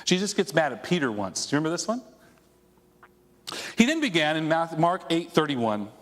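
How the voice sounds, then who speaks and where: Man preaching, lively rising and falling voice, fairly high, long church echo. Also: moderate pace. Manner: conversational, animated preaching with asides to the congregation. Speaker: pastor. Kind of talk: sermon. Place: church sanctuary before a congregation.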